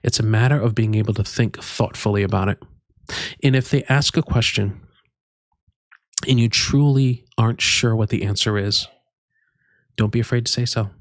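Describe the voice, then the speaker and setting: A man presenting career advice in an unhurried, measured way, with frequent fillers and restarts. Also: lowish voice, dry recording, studio quality. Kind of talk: instructional talk to camera.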